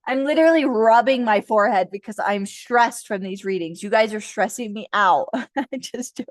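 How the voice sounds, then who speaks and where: A woman's voice: on the high side, normal speed, no room sound. A woman in her thirties doing a casual tarot card reading for viewers, talking in a playful way and joking and swearing as she goes. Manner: chatty and playful, jokes, laughs and swears often.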